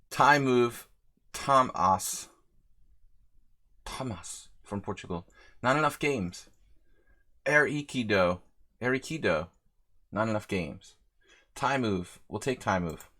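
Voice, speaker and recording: A man's voice: mid-range voice, slow pace, long pauses, sharp tone. A man hosting a live chess stream, chatting casually and rambling as he reads out viewer names.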